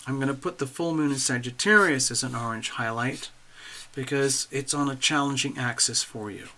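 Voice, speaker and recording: A man's voice: mid-range voice, normal speed, bright, forceful tone. A man hosting a casual astrology livestream, chatting animatedly to viewers while drawing charts.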